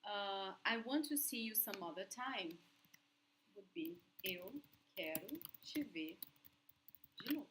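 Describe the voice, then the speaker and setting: A young adult woman with a Brazilian Portuguese accent, a native Portuguese speaker giving a language lesson in a slow, careful way and laughing often. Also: medium pitch, animated, fairly bright tone, a little hiss or hum, poor audio. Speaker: language teacher.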